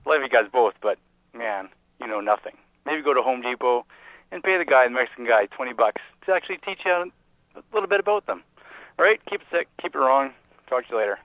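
A man's voice: mid-range voice, animated, a little fast, dry recording. A man from British Columbia, Canada, leaving a friendly, teasing phone message for a podcast. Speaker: caller. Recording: tinny phone line.

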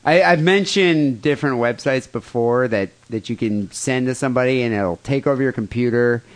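A man's voice: mid-range voice, normal speed. A man co-hosting a podcast in casual chat, crude and joking as he reads listener mail. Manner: crude, joking, laughs often. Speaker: podcast co-host.

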